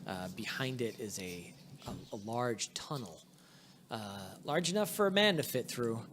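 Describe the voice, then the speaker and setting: A man narrates a tabletop role-playing session at an easygoing pace, filling pauses with ums and restarts. His voice sits at an ordinary middle pitch. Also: a little hiss or hum. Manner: relaxed, filler-heavy narration with frequent ums. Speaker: game master.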